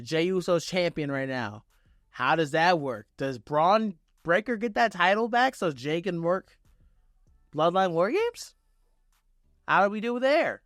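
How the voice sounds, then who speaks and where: A man giving a casual, excitable and profane reaction review, retelling a wrestling show blow by blow. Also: on the high side, no echo, clean studio sound. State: on vacation.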